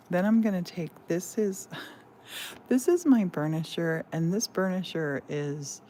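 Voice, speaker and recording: Low, mellow woman demonstrating a craft. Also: gravelly, slight background noise. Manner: chatty, explains step by step, greets viewers. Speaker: stained glass artist and host. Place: craft studio.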